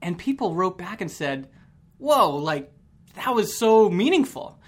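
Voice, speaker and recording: A man's voice: sits high, sing-song, a little slow. Chatty Canadian man hosting a podcast. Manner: chatty, laughs easily, loose and rambling. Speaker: podcast host. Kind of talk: casual podcast conversation.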